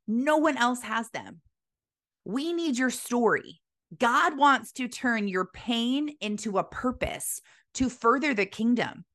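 A woman with a fairly high voice delivers a motivational Christian sermon. She speaks earnestly and urgently, exhorting her listeners directly. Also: a bit bright.

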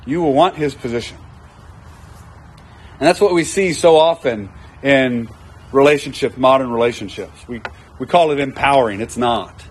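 A man's voice: medium pitch, slightly rough. A man preaching a conversational sermon, acting out quoted voices and repeating lines for emphasis. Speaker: pastor.

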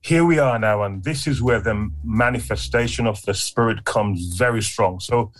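A man in his sixties giving an emotional faith testimony, animated and vivid, his voice leaping up when he acts out what others said. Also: moderate pace, faint music behind. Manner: animated storyteller, voice leaps high when acting out voices. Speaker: guest sharing testimony.

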